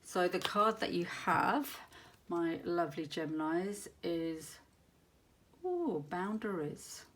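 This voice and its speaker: A woman's voice: lowish voice, expressive, takes it slowly. A woman giving a monthly tarot reading to viewers, talking in an earnest, meandering way and searching aloud for her words. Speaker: tarot reader.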